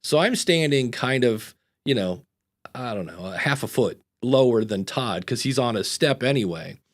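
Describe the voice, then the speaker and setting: A man's voice: mid-range voice, lively intonation, normal speed. A middle-aged man hosting a podcast, telling stories in a rambling, casual way with frequent restarts. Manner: rambling anecdotal storytelling with many restarts. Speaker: podcast host. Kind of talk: casual chat.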